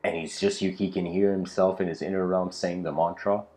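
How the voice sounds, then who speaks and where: Low-voiced man lecturing casually. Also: little pitch movement, fairly quick, dark tone. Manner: casual, rambling, full of "you know" and "like". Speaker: spiritual lecturer. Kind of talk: storytelling spiritual lecture.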